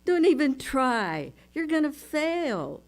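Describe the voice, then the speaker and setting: A woman's voice: high-pitched, sing-song, slow pace, pitched above the performer's own voice, exaggerated voice. A woman voicing a harsh, nagging female inner critic who scolds and mocks in a raised voice. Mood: scornful. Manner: scolding, mocking put-downs.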